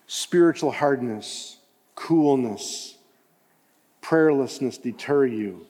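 A man preaching a sermon as pastor, impassioned and rising to loud emphatic cries. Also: medium pitch, lively intonation, measured pace, pauses often. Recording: long hall reverb.

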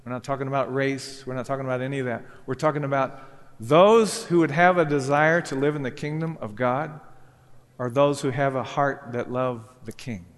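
A man's voice: medium pitch, fairly even intonation, normal speed. A male pastor preaching a sermon, telling a parable and voicing its characters as he goes. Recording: long reverb of a church hall.

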